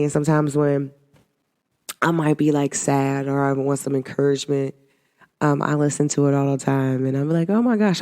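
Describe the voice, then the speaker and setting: A woman hosting a podcast, talking casually in a rambling, animated way with many fillers. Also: sits low. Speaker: podcast host.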